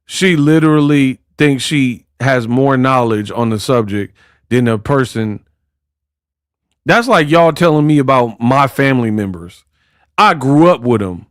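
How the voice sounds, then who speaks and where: A man's voice: medium pitch, animated, unhurried, no room sound, clean studio sound. A man in casual commentary who talks in a mocking, slangy way and acts out quotes. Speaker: boxing commentator.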